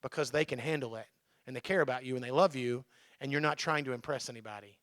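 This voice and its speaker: A man's voice: medium pitch, fast talker, fairly bright tone, dry recording, studio quality. A male pastor giving a conversational sermon in church, often checking in with his listeners.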